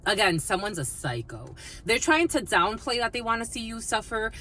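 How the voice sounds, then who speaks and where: A woman giving a casual collective tarot reading, mixing personal stories with blunt, animated talk and plenty of swearing. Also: on the high side, normal speed, a little hiss or hum. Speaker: tarot reader.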